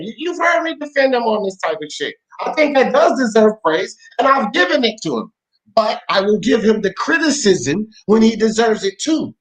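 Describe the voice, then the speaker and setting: Over a low-quality podcast mic recording, a man with a very high-pitched voice hosts a heated sports debate at normal speed. He's animated, blunt and argumentative, swearing heavily and using street slang.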